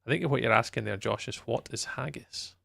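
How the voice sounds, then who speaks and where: Gravelly Scottish man chatting casually. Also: mid-range voice, a little fast, a bit bright, no room sound, studio quality. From Scotland. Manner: chatty and rambling, laughs easily, answers chat. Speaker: game streamer. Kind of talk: casual chat while playing a game live.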